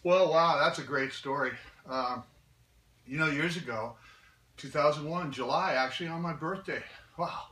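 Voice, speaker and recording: A martial arts instructor and knife maker tells an anecdote in a slightly high voice at normal speed. He's chatty and animated but hesitant, with many fillers. The recording is echoey, picked up from far off in a room with faint noise.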